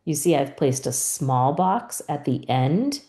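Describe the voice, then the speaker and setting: A woman teaches fellow instructors how to run reading and spelling practice, modelling the prompts she would give a student. Her voice sits low and mellow, and she takes her time over each step. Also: big pitch swings, slow. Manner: explains patiently, acts out teacher and student prompts. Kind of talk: teacher training lesson.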